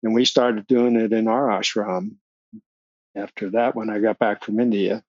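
A man's voice: on the low side, moderate pace, husky, no room sound, dull audio. An older man, a podcast guest, telling long stories in a casual interview and acting out the voices of the people he quotes, with frequent laughs. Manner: animated storyteller, acts out quoted voices, laughs often.

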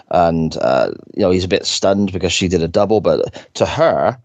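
A man's voice: low voice, expressive, moderate pace, a little mellow, dry recording. A man co-hosting a podcast, recapping an episode in chatty, enthusiastic casual talk. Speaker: podcast co-host.

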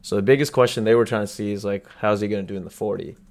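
A young man with a low voice co-hosts a sports chat podcast. He runs through numbers and steers the conversation in a casual, matter-of-fact way. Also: steady tone, racing, creaky, a little mellow. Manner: reels off stats, steers the talk. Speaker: podcast co-host.

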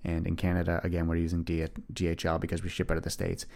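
Low-voiced young man hosting a podcast. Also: completely flat delivery, quick pace, vocal fry, darkish tone. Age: 20s. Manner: earnest, rambling, encouraging. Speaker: podcast host. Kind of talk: casual solo podcast monologue.

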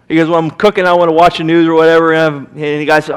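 A man with a Midwestern American accent preaches from the pulpit in a high, bright register. He is emphatic and conversational and slips into little acted-out quotes as he speaks to the congregation. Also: level tone, moderate pace, pauses often, clear, resonant tone. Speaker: pastor. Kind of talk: sermon. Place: church sanctuary.

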